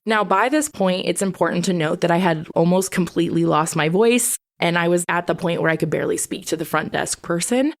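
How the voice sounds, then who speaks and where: A woman's voice: fairly low pitch, brisk, few pauses. A woman podcast host telling a personal story in a candid, conversational way, swearing freely. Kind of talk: casual storytelling.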